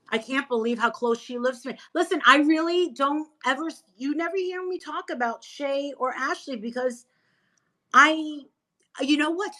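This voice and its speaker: High-voiced, animated gossiping woman. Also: unhurried, rough recording. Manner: animated, emphatic, gossipy storyteller. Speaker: interview guest. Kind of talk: casual chat.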